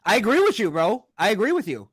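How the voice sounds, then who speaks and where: A man co-hosting a podcast, making his point earnestly and haltingly. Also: high voice, big pitch swings, slight background noise. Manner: earnest, halting, repeats words. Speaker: podcast co-host. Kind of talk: casual podcast chat.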